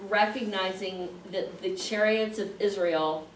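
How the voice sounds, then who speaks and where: A woman leading a Sunday school lesson, explaining a Bible passage in a conversational way with pauses and fillers. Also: mid-range voice. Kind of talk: Bible class teaching. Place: classroom with a group. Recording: roomy, distant mic, faint noise.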